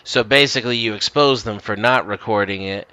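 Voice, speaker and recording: A man with a lowish, bright and forceful voice taking part in a casual panel chat. He sounds dry and close, and asks curious, pointed follow-ups. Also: fairly quick, no echo.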